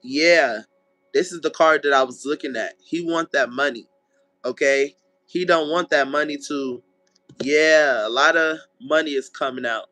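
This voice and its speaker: A man's voice: a little high, dry recording, soft background music. A man giving a casual tarot reading. He talks bluntly and swears, and he acts out what people might say. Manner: animated, acts out people's lines in quick voices; blunt and profane, checks in with "okay?". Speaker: tarot reader.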